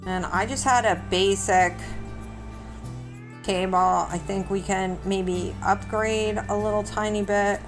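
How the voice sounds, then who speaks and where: A woman's voice: fairly even intonation, slow pace, music in the background. A middle-aged woman casually chatting as she plays a life simulation game on stream, cooing at her frightened cats now and then. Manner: chatty, talks to her pets in a high coo. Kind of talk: casual gameplay stream chat.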